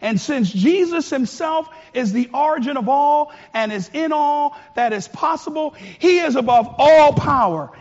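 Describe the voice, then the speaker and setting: Male pastor, unhurried delivery, impassioned sermon that goes from hushed to shouting, muffled lo-fi sound. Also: extremely high pitch, animated. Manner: impassioned, swings from quiet to shouting.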